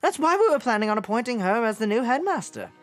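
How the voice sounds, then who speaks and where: A haughty young noblewoman from a visual novel game, scheming and aloof, as a woman puts her on. Her voice is a high falsetto with a British accent, and it swings widely up and down. She talks down to everyone. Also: big pitch swings, fast talker. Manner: lofty, dismissive, proud. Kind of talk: voicing a visual novel character.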